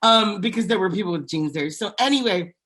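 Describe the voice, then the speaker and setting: A young woman on a podcast, gossiping about reality TV in a blunt, animated way. She jumps between her own opinions and quick impressions of other people. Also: medium pitch, slightly rough. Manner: blunt, animated, quotes people in put-on voices. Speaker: podcast co-host. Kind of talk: casual reality TV gossip chat.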